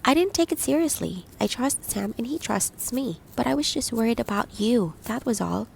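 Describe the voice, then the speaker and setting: A woman narrator voicing a frank, caring young woman friend who speaks briskly and earnestly in an audiobook. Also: on the high side, lively intonation, vocal fry, a little hiss or hum, voice pushed up.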